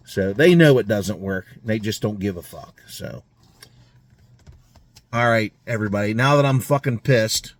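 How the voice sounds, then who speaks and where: A man's voice: lowish voice, no room sound. A man ranting casually and angrily to camera in a garage, swearing constantly and grumbling about a failed car repair. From United States. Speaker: garage vlogger. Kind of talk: casual profane rant to camera. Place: home garage.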